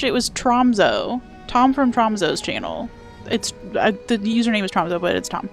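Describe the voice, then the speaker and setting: Lively young woman, casual gaming stream host, soft game music behind. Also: medium pitch, normal speed, gravelly. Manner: chatty and playful, reads and answers chat. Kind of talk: casual live-stream chat while gaming.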